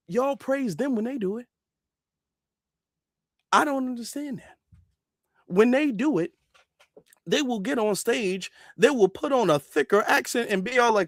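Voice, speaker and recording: A man's voice: very high voice, expressive, normal speed, fairly bright tone, no room sound, studio quality. A man ranting as a commentary vlogger, exasperated, who keeps asking "okay?" to drive his points home. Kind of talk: opinion rant.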